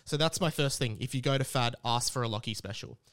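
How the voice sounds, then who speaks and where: An Australian man in his late twenties telling a casual, rambling story as a podcast host. He is animated and swears freely. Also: mid-range voice, quick pace. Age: late 20s.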